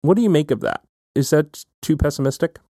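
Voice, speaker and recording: A man's voice: on the high side, a little fast, dark tone. A man hosting an academic talk, building long, careful questions and often checking in with "right?". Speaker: podcast host. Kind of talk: academic conversation.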